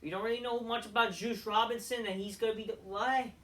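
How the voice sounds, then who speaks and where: A woman's voice: on the high side, steady tone, a little fast, fairly bright tone. A woman heatedly ranting as a wrestling show reviewer, swearing often and rambling between points. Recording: voice a bit far from the mic.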